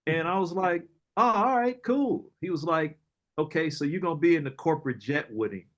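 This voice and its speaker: A man's voice: on the high side, normal speed. Slangy middle-aged man telling stories. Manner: animated storyteller, slangy, acts out quoted voices, laughs often. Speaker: entrepreneur guest. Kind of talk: casual storytelling interview.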